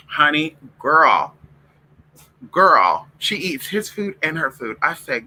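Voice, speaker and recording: A man's voice: on the high side, very animated, slow, bright, forceful tone, breathy edge, rough recording. A man chatting casually to his viewers in a sassy, campy, profane way, calling them girl and honey and breaking off to fuss at his dogs. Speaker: vlogger. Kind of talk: casual livestream chat.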